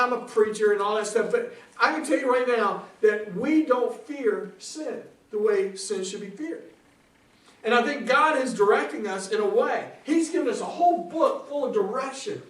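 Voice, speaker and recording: Animated Southern preacher in an echoey hall. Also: male voice, very high-pitched, far from the mic. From South Carolina, USA. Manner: animated, laughing, loud bursts. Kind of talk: comic storytelling sermon.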